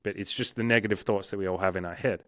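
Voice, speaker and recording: Low-voiced man, blunt and profane. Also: steady tone, fast, a bit bright, no room sound, studio quality. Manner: frank, profane, acts out inner voices. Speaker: coach. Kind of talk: casual interview talk.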